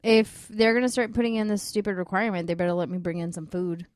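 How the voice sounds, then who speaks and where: A woman co-hosting a casual sports talk podcast, blunt and quick to laugh, swearing freely. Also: medium pitch, darkish tone, no room sound, clean studio sound. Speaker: podcast co-host.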